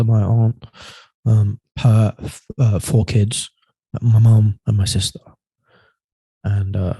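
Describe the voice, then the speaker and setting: A man telling a personal story as a podcast guest, halting and hesitant, often trailing off quietly. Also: fairly low pitch, no room sound.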